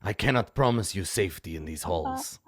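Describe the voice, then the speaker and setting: A man's voice: low-pitched, expressive, husky, no echo, studio quality. A man doing a courtly sinister monster lord. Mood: ominously polite. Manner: formal, slow, menacing politeness. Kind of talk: tabletop game role-play.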